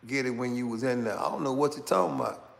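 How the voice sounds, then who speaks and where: A middle-aged man hosting his channel, talking in a slow, casual street style and tagging phrases with "man" and "right?". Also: mid-range voice, gravelly. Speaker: channel host. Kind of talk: casual commentary monologue.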